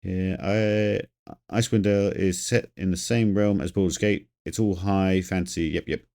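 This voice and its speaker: A man's voice: low voice, fairly even intonation, normal speed, a little mellow. A man streaming a game, thinking aloud and rambling as he plays and chats with viewers. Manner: reads chat aloud. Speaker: gaming streamer. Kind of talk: live game commentary.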